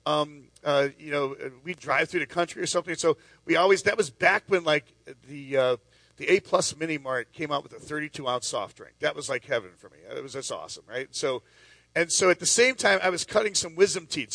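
Pastor guy telling stories in his sermon, high voice, keeps restarting, dry sound. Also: a bit bright, dry recording. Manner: storytelling with lots of restarts and asides.

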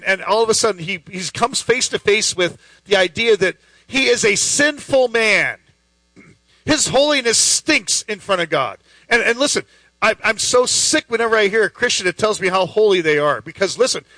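A man's voice: high voice, animated, moderate pace, bright, forceful tone, dry recording, poor audio. A man preaching a sermon in an emphatic, conversational way, full of rhetorical questions.

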